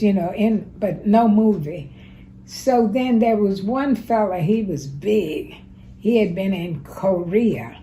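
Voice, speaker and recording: An elderly woman in her nineties speaks slowly and deliberately, her voice pitched at an ordinary middle level. She tells her stories in a plainspoken, unhurried way, and a faint hiss of noise sits under her voice. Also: dark tone, rough recording. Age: 90s. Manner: slow, plainspoken, unhurried storyteller. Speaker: interviewee sharing life advice. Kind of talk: casual spoken reminiscence.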